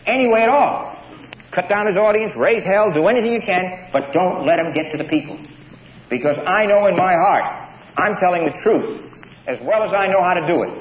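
A man's voice: high voice, animated, normal speed. Emphatic man speaking in a roomy hall. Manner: emphatic, declamatory, building to punchy slogans. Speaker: invited speaker at a campus lecture. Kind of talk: public speech followed by audience Q&A. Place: lecture hall before a live audience. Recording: roomy hall recording with faint hiss.

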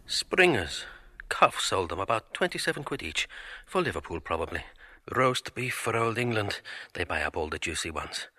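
A man's voice: low voice, bright, forceful tone, no room sound, studio quality, heavily acted. An actor voicing a middle-aged man's inner monologue in clipped, murmured fragments of thought. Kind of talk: audio drama inner monologue.

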